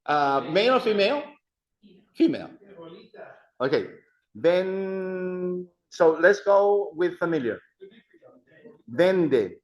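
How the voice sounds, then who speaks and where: A man's voice: high voice, big pitch swings, takes it slowly, long pauses, lo-fi sound. A man teaching an adult Spanish class, patiently repeating words for his students to practice.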